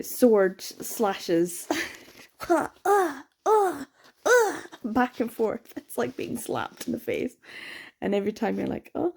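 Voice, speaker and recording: A young woman chatting excitedly in a late-night reading vlog, sleepy with her words slurring, gasping and laughing as she gushes about a book. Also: medium pitch, creaky. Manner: gushing and excitable, frequent laughs and gasps. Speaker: book vlogger.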